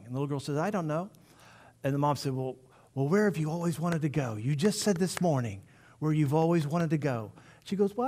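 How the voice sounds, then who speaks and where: A man preaching a sermon as pastor, animated and storytelling, acting out the people in his examples. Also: on the high side. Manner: animated storytelling with acted-out voices.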